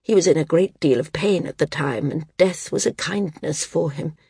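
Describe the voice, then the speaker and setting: A woman reading the part of a frail, dying old woman who speaks frankly, wearily and with quiet firmness. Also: low-pitched, moderate pace, slightly rough, no room sound, studio quality, exaggerated voice. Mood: earnest. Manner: frank, weary, gently firm.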